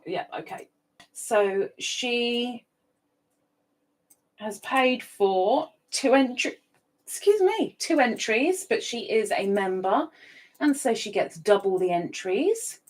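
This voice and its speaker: A woman in middle age, hosting a casual live stream and reading out viewers' chat with playful, sing-song repetition of names. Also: mid-range voice. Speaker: livestream host.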